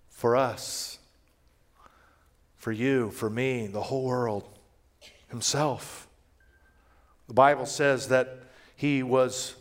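A man preaching a sermon, moving between loud, emphatic passages and hushed, quiet ones. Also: medium pitch. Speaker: pastor.

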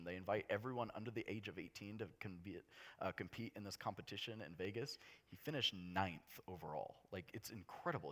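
Bright-voiced impassioned male pastor. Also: fairly low pitch. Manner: impassioned, swinging from hushed to loud. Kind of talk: sermon.

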